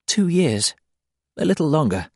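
Man doing a gentle anxious woman, soft and quiet, lively raised pitch, dry close sound, slow. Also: husky, no room sound, heavily acted. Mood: tender. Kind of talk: audiobook character voice.

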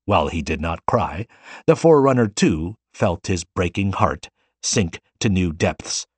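A man narrating a science fiction audiobook in a measured, expressive way. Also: low-pitched, slightly rough, no echo.

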